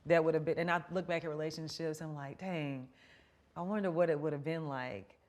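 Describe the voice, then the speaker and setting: Woman host with a deep low voice, candid and chatty, telling her own stories. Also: fairly even intonation, a little fast. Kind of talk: casual conversation.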